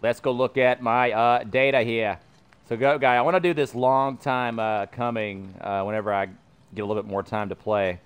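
A man's voice: mid-range voice, steady tone, moderate pace, smooth. A man streaming a game while commenting in a put-on cartoon mayor voice with a Boston-style accent that slips toward Brooklyn. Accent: Boston-style impression with slips of Brooklyn. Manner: talks in a put-on politician cartoon voice, rambling. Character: pompous male cartoon mayor impression. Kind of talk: let's play commentary in a cartoon mayor impression.

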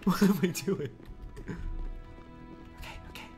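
A man's voice: high-pitched, slow pace, darkish tone, faint music behind. A man streaming a role-play game in a flamboyant, campy manner, swearing freely and calling people darling.

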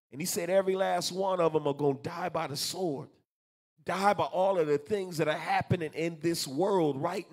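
A man preaching a scripture class, animated and colloquial, repeating words for emphasis. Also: high voice. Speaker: teacher of a congregation class.

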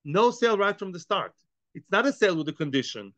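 High bright-voiced guy teaching talmud, tosses out rhetorical questions, dull dry lo-fi sound. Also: fast, no room sound. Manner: animated, rhetorical questions, acts out both sides. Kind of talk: Talmud class lecture.

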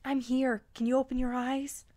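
A woman voicing a devoted male elf, in a soft, gentle tone. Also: sits high, flat delivery, normal speed, voice pushed up, lightly acted. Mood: tender.

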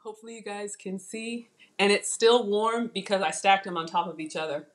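A woman's voice: mid-range voice, steady tone, a little fast. A middle-aged woman hosting a live cooking stream in her home kitchen, chatting casually, laughing and reading viewer comments aloud.

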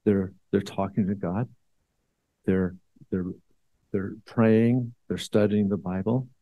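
A man's voice: fairly low pitch, fairly even intonation, slow pace, no echo, narrow, tinny audio. A man, a church elder, giving a conversational Bible sermon with many fillers and restarts.

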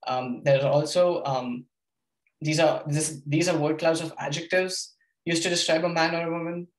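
A man's voice: on the high side, fairly even intonation, moderate pace, echoey room, low-quality recording. A young man giving an informal workshop lecture, with lots of ums, hesitations and restarts. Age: young adult. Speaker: workshop presenter.

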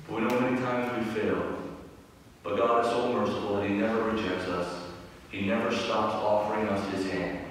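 A man, a priest, giving a homily in a loud, storytelling manner. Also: medium pitch, slight background noise. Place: church. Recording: echoey church from far off.

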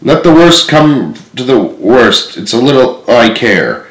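A man's voice: medium pitch, very animated, a little slow, a bit bright, reverberant, poor audio. A man reading aloud and voicing a bold teenage boy cabin hand who speaks up earnestly and defiantly. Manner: earnest, raised and breathless defiance. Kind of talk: storybook read-aloud acting.

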